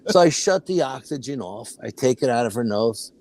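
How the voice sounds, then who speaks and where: An older man, a guest, telling a personal story in a casual, animated way, often acting out other people's words. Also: medium pitch, moderate pace. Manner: animated, acts out quoted voices, frequent laughs.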